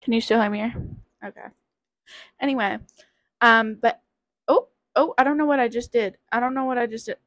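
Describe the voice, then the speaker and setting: In this rough, echo-free recording, a vlogger speaks with a slightly high, slightly bright voice, a steady tone and a little fast pace, pausing often. She's nineteen and sick with covid, rambling and hesitant as she works through a quiz out loud in a casual vlog, with self-deprecating remarks.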